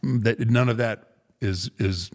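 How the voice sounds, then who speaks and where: A man's voice: lowish voice, slow pace. An older man, a former wrestler, casually retelling a story on a podcast, acting out the quotes with many restarts. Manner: animated retelling, acts out quotes, frequent restarts.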